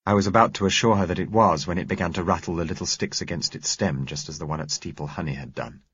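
A man reading a novel aloud in measured, grave first-person narration. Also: low-pitched, a bit bright, husky, dry recording, dull audio. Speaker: audiobook narrator.

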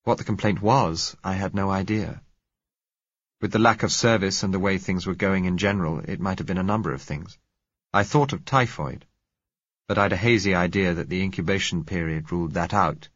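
A man narrating a novel in the first person, measured and reflective. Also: deep voice, no room sound, muffled recording. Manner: measured, reflective, rising in heated dialogue. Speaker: audiobook narrator.

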